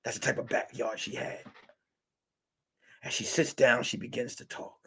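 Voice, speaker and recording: Man, comedian, husky voice, mock noir detective narration, dramatic pauses, crude humor. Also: mid-range voice, fairly even intonation, sharp tone. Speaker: comedian and podcast host.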